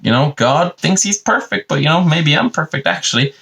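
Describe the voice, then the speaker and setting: A man's voice: fairly high pitch, expressive, a little fast, creaky, a bit bright, distant mic, voice pushed up. A man doing a smug fallen angel.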